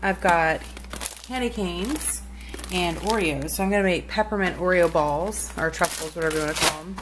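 A woman's voice: lowish voice, moderate pace. A mother filming a casual family vlog at home, chatting to the camera and to her babies. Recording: home video with household noise.

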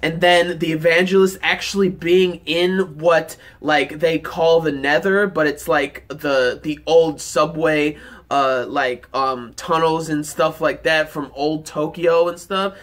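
Rambling, high-voiced young-sounding man. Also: fairly even intonation, takes it slowly, fairly bright tone. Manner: rambling, enthusiastic, heavy use of "like" fillers. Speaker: anime reaction reviewer. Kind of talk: casual episode review.

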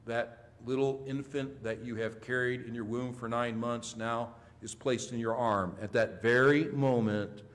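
A male pastor preaching a sermon with emphasis, swinging between loud, high rises and quiet, low drops. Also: in a large hall. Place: church sanctuary.

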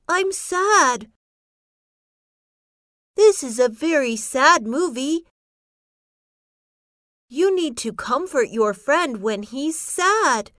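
A woman slowly reading short example sentences in a child's part, carefully enunciated. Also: high voice, a bit bright, no room sound, clean studio sound. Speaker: narrator voicing a child's lines. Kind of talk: slow scripted phrase reading.

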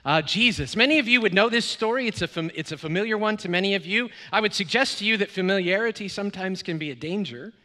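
A bright, fairly high-voiced middle-aged man preaches a sermon from a church stage. He tells stories in a relaxed way, full of little fillers and acted-out dialogue. His voice rings out with the long reverb of the church hall. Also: quick pace, hardly any pauses. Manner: warm storytelling with many fillers and quoted dialogue. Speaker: guest pastor. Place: church sanctuary.

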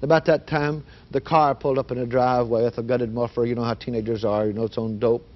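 A man telling an emotional personal testimony, shifting from hushed storytelling to loud, fervent prayer. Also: mid-range voice, level tone, fast. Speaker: guest giving testimony. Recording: dull lo-fi 1980s broadcast audio.

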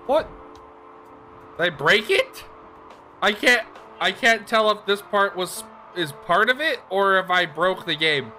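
A young woman on a headset mic gives live gameplay commentary, excitable and quick to laugh and swear. Her voice is bright and her pitch swings widely, though her pace stays unhurried. Faint game music plays behind her. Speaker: game streamer.

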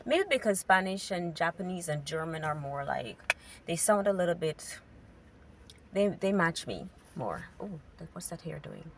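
A woman's voice: lowish voice, lively intonation, normal speed. A woman from Jamaica. She talks candidly and rambles a little in a casual vlog, recorded outdoors on a street on her way to work. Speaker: English teacher. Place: outdoors on a street while commuting. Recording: distant mic with loud traffic noise.

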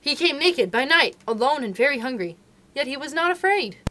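A woman voicing a fierce, protective mother wolf who speaks in loud, archaic declarations in a storybook reading. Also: medium pitch, steady tone, unhurried, slightly rough. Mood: tender.

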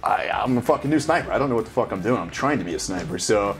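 A man's voice: lowish voice, animated, fast talker, soft background music. A man in his thirties, a military veteran, telling loose, profanity-heavy stories in casual reaction chat. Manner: profane, swears constantly, loose storytelling. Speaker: special operations veteran reacting to a game.

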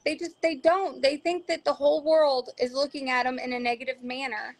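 A woman's voice: high-pitched, fairly even intonation. A woman, a mother, talking earnestly in a casual discussion and acting out quotes now and then. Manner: earnest, quick to act out quotes. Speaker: parent guest.

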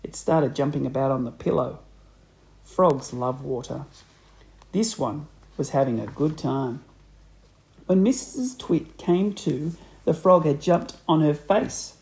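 A man reading a children's book aloud, with expressive, animated storybook narration. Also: a little high, slow, gravelly, low-quality recording. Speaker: audiobook reader.

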